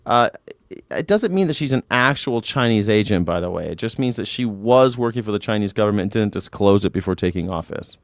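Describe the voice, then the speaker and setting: Lively mocking man hosting a reaction show. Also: on the low side, fairly quick, no room sound. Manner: mocking, blunt, jokey asides with swearing. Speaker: host of a news reaction show. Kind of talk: casual, profane live reaction commentary.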